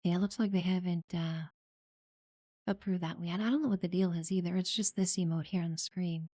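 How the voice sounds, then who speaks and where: Thanking new followers warmly and talking about her community, a woman streamer chats casually over live gameplay in a fairly low, steady voice at a slightly fast pace. She is friendly and uses many fillers. There is no room sound, and the audio is studio quality.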